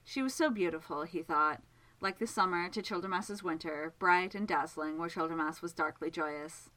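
A woman narrating a story aloud in a gentle, measured, expressive way. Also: lowish voice, low-quality recording. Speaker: reader.

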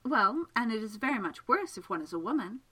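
Casting note: woman reading an amused, self-assured enchantress, teasing and playful, with a lively pitch. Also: a little fast, breathy edge, exaggerated voice. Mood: wry. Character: playful, confident female enchantress magician. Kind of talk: audiobook character reading.

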